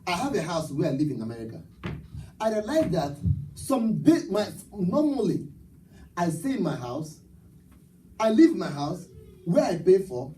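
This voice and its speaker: Man, pastor, high voice, lively rise and fall, call-and-response sermon, distant church sound. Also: a little slow, pauses often, slight background noise. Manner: rousing call-and-response preaching with rhetorical questions. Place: church sanctuary at a live service.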